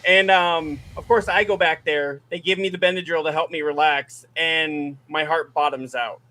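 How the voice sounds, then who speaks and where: A married man co-hosting a casual podcast, telling a story with a slightly raised, very bright voice. He acts out everyone he quotes and laughs along. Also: a little high, fairly even intonation, normal speed, a little hiss or hum. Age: adult, married. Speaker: podcast co-host.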